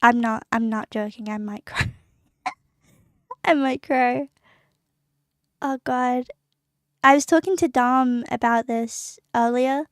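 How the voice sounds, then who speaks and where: A young woman streaming casually, giggly and excitable, chatting to her viewers. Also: a little high, slow pace, long pauses, dry recording, studio quality. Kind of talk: casual live-stream chat.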